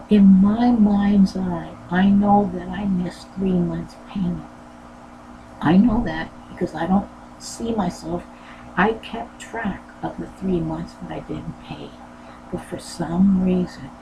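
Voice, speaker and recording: A woman who hosts a sewing channel, talking in a rambling, earnest way and repeating her phrases, with a low voice that she says never goes higher. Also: steady tone, slow. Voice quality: low voice that does not go higher. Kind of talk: casual personal talk. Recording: noisy background.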